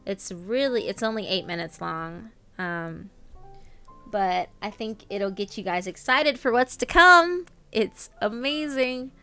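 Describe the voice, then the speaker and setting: Bright-voiced woman chatting on a live stream. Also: mid-range voice, lively intonation, slow, clear, resonant tone, faint music behind. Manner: chatty, reads out viewer names, filler-heavy. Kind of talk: casual live-stream chat.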